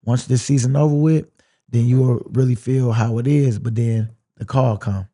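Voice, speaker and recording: A male football player as an interview guest, telling his story in a relaxed, reflective, drawling way and acting out his own thoughts as he goes. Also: medium pitch, normal speed. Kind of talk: casual sit-down interview.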